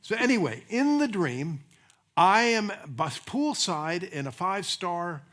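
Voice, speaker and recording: A man's voice: high voice, big pitch swings, a little slow, fairly bright tone. An older man, a minister, giving a sermon in a folksy, storytelling way, chuckling at his own anecdotes. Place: church sanctuary.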